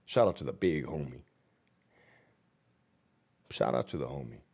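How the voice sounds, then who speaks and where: A man who is a former prison lieutenant hosting a vlog, ranting and rambling with profanity between long runs of viewer shout-outs. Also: rumbling low, animated, measured pace, husky.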